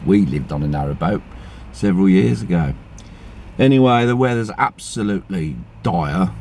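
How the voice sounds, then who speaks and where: A man's voice: deep voice, mellow, a little hiss or hum. A middle-aged man, chatting to camera from inside his car in a chatty, grumbling, sweary way. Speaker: vlogger. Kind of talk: casual chat to camera. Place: inside a car on a rainy day. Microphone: phone camera.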